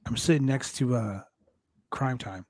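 A man hosting a podcast, swearing freely as he spins his stories in a loose, casual way. His voice sits at an ordinary middle pitch. The room adds almost no echo, so he sounds close and dry. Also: a little slow. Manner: profane, animated storyteller. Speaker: podcast host. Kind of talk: casual interview chat.

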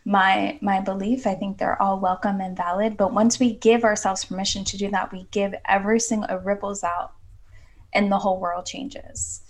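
A woman's voice: mid-range voice, fairly even intonation, moderate pace. A woman talking earnestly and at length as a guest on a podcast, with many fillers. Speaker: podcast guest, women's coach. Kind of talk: casual podcast chat.

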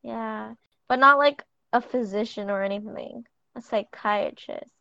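A young woman co-hosting a podcast, chatting casually in a relaxed, slightly sleepy way. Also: fairly high pitch, vocal fry, dry recording, dull audio. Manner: relaxed, drawn-out, yawning. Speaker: podcast co-host. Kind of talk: casual chat.

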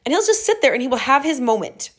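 A woman hosting a podcast from home, telling stories in a chatty, animated way and laughing often. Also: high-pitched, quick pace. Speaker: podcast host. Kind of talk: casual storytelling.

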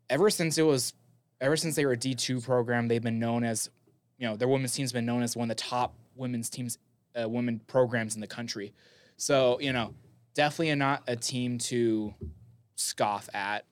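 A man's voice: medium pitch, clean tone, no room sound. A young man who calls college games, chatting on a sports talk show in a rambling, upbeat way. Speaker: college sports broadcaster and podcast co-host. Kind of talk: casual sports recap chat.

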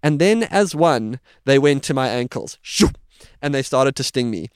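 Animated storytelling man. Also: medium pitch, moderate pace, smooth, dry recording, studio quality. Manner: vivid, dramatic retelling with voiced sounds. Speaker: podcast guest, safari guide.

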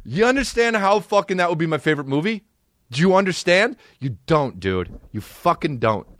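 A man hosting a podcast, rambling through an excitable and profane comedic monologue. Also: fairly high pitch, moderate pace, no room sound, studio quality. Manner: excitable, rambling, heavy swearing. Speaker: podcast host.

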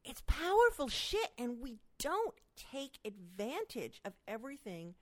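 A woman's voice: unhurried, no room sound. A middle-aged woman, a sex educator being interviewed, talking expressively and acting out quotes. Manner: expressive, acts out quotes with big pitch jumps. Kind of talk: animated interview conversation.

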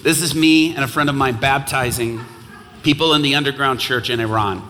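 A man's voice: mid-range voice, fairly quick. A man preaching as a guest speaker in a church, telling stories and building to impassioned calls to action. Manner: impassioned, builds to loud exhortation. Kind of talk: sermon with storytelling. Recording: long hall reverb, faint noise.

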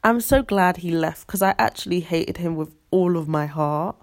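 Ranting young woman with vocal fry. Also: on the low side, moderate pace. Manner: animated, ranting, slangy. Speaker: podcast host. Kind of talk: casual storytelling monologue.

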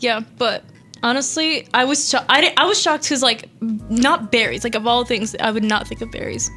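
A woman's voice: a little high, fairly even intonation, normal speed, bright, forceful tone, soft background music. A teenage girl hosting a casual radio chat, rambling with lots of fillers and giggles. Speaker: host. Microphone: school radio show mic.

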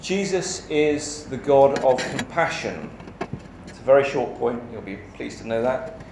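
Slow, echoey male preacher. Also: mid-range voice, animated, noisy background. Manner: measured, emphatic delivery with rhetorical questions. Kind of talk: sermon. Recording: echoey church hall with faint ambience.

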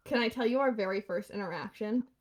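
This woman, in her twenties, spins a story during a casual podcast chat with fast, animated speech, laughing and dramatizing quotes. Her voice is mid-range.

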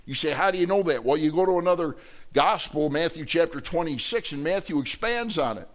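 A middle-aged male pastor with a Wisconsin accent, preaching a sermon and acting out the people he quotes with lively storytelling. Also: a little high, a little fast.

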